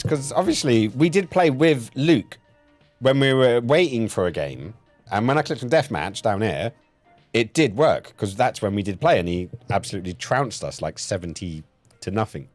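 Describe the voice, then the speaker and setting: A man's voice: mid-range voice, big pitch swings, moderate pace, no echo, faint music behind. A man with a Cockney accent hosting a casual gaming stream, cheeky and full of banter. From England. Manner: cheeky, laughing, banter-heavy. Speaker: streamer host.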